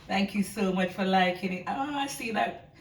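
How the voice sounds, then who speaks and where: A woman hosting a casual cooking vlog, chatty and excitable, talking to her viewers as she cooks in her home kitchen. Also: medium pitch, normal speed. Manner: chatty and excitable, often calling viewers "guys". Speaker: cooking channel host. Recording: voice far from the mic over loud boiling pot noise.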